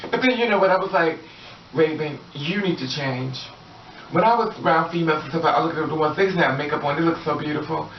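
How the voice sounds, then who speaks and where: A woman's voice: low-pitched, fairly even intonation, very fast, few pauses, slight background noise. Sassy woman vlogging in an echoey room. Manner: sassy, profane, laughs often, acts out quoted people. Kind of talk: casual monologue to camera. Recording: roomy, distant, dull lo-fi audio.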